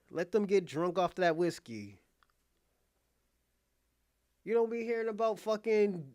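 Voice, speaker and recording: A man with a high-pitched voice rants casually to his online viewers. He talks bluntly and profanely, keeps saying he is being honest, and laughs between lines. His voice is recorded dry and close. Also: a little mellow, no echo. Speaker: online commentator.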